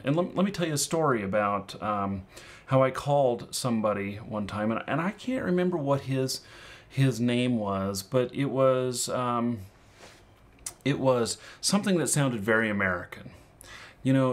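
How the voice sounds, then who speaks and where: A man giving casual advice to viewers, rambling and leaning heavily on filler words as he talks. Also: mid-range voice. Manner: rambling, full of "you know" and "um" fillers. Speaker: online game-currency seller and fraud consultant. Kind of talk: casual advice talk to camera.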